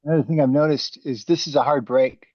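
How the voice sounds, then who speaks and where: A male student joins a class discussion over a video call and calmly explains his point. His pitch is ordinary, and the sound is muffled and dry. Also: fast talker, dry recording.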